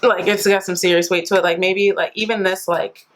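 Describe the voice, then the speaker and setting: A woman's voice: medium pitch, steady tone, brisk, a little hiss or hum, rough recording. A woman beauty vlogger chatting casually through a product review, filling her talk with "like" and playful slang. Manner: chatty, says "like" constantly; playful slang, calls viewers sis and honey.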